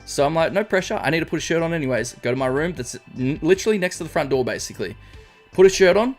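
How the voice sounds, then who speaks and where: A man's voice: a little high, expressive, fast talker, soft background music. Chatty Australian man live-streaming. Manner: chatty, greets chatters by name, rambling storytelling. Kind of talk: casual live-stream chat.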